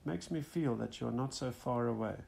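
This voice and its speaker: Man voicing thankful adult daughter, gravelly audiobook read. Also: medium pitch, fairly quick, a little mellow. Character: contented adult daughter at a séance.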